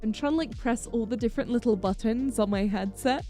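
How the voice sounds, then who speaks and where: Over faint music, a female VTuber streamer talks casually with her audience, warm and giggly, addressing them as darling. Her voice is on the high side, mellow, and a little fast.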